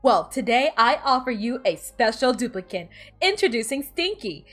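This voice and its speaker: A woman putting on a mock commercial voice as an overeager infomercial announcer with a hard-selling, emphatic pitch. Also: big pitch swings, moderate pace, a bit bright, soft background music. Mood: salesy.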